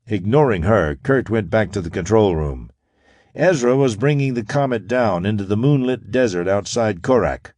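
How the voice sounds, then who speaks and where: Lively male audiobook narrator. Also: fairly low pitch, moderate pace, no room sound, studio quality. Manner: steady, dramatic storytelling. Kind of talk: scripted narration.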